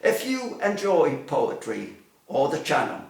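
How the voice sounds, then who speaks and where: A man hosting his own channel, reciting poetry and political commentary in a slow, deliberate, declamatory way. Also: fairly high pitch, wildly swooping pitch, gravelly, echoey room. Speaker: poet and channel host.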